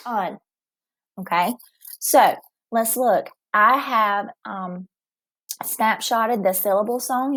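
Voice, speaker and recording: A woman teacher giving a recorded reading lesson to young children, speaking slowly and clearly and sounding encouraging. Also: medium pitch.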